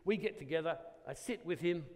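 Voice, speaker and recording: Animated Australian man telling a story. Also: a little high, fairly quick. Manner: animated, acts out dialogue, self-deprecating asides. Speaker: Catholic speaker at a church gathering. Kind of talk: storytelling talk to a live audience. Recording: long reverb of a large hall.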